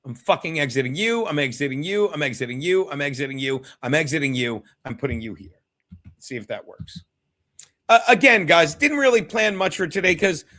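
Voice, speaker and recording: A man's voice: high voice, sharp tone. A man hosting his own livestream, rambling and swearing casually as he chats with viewers from home. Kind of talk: casual solo livestream chat.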